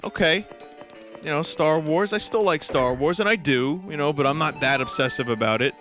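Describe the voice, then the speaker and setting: A man's voice: a little high, fairly quick, music in the background. A man streaming a video game, casually telling a long story with lots of fillers, restarts and amused asides.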